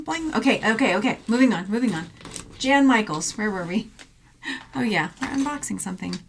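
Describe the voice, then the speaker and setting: A woman's voice: a little high, fairly bright tone, a little hiss or hum. A woman from Texas, a thrift jewelry reseller, chatting playfully through an unboxing vlog with jokey asides and silly sound effects.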